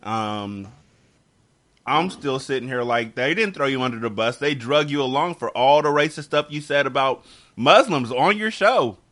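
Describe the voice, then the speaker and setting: A man's voice: mid-range voice, animated, normal speed, fairly bright tone. A man co-hosting a casual podcast chat, blunt and joking, swearing freely.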